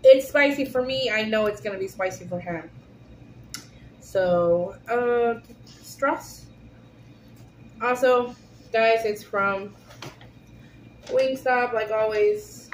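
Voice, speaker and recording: A woman's voice: on the high side, slow, pauses often. Giggly chatty woman vlogging. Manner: chatty, giggly, talks to viewers. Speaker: vlog host. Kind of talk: casual food-tasting vlog chat. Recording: echoey room with faint hiss.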